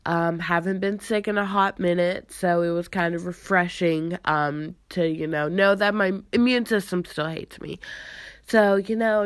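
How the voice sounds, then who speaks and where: A young woman hosts a laid-back podcast, unhurried and stretching out her words. She is stuffy and congested from a cold, and she lets out sarcastic, exasperated sighs. Her voice sits close and dry, with no room around it. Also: lowish voice, fairly even intonation, clean tone, dry recording. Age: young adult. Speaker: podcast host. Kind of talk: casual chat.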